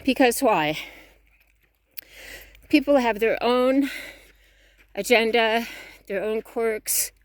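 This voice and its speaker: A woman's voice: a little high, slow pace, pauses often, dry recording. Earnest, slightly breathless woman vlogger. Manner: earnest, repetitive, preachy. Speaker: fitness vlogger. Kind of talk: motivational talk while walking. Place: outdoors.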